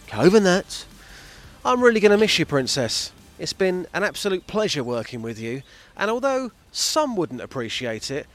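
A man presenting a scripted comic farewell segment on radio with dry, deadpan jokes. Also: high voice.

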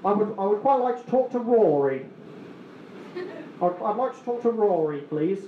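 Storyteller voicing a nasal, nitpicking complainer on the phone. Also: male voice, high-pitched, lively intonation, moderate pace, reverberant, narrow, tinny audio, slight background noise, voice pushed up. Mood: insistent. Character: fussy nasal male British customer complaining.

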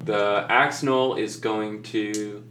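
Casual man as game master, lowish voice, echoey room. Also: fairly even intonation, takes it slowly, fairly bright tone. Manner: casual, laughs often, swears. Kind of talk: narrating a tabletop game. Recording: echoey room with faint noise.

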